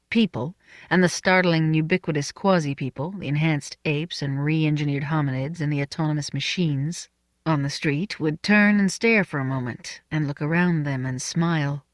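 A narrator reading a first-person novel in a measured, soft-spoken way. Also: mid-range voice, dry recording, studio quality. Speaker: audiobook narrator.

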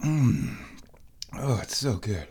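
A man hosting a casual vlog, talking slowly and playfully, now and then slipping into high baby talk, a bit stuffy from sinus trouble. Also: expressive, background noise. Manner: slow, drawling and playful, with high baby talk to his cat. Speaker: vlog host.

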